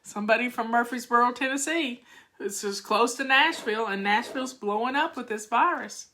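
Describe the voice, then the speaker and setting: A woman's voice: a little high, normal speed, bright, forceful tone, a little hiss or hum. An older woman, chatting casually to her viewers in a folksy, talkative way. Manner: chatty, folksy, talks back to viewer comments. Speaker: home-organizing vlogger. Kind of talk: casual live chat to viewers.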